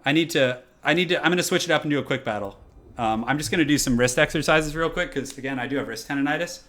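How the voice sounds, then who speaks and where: A man's voice: a little high, fast talker, fairly bright tone. A man doing casual live-stream commentary over a game from a room at home, chatty and repeating his phrases as he answers chat.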